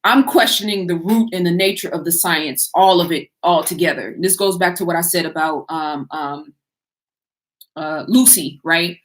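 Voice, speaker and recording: A woman's voice: lowish voice, moderate pace. A middle-aged woman hosting a live Q&A, talking to her viewers in a loose conversational way with frequent fillers and restarts. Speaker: host answering viewer questions. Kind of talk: casual live Q&A talk.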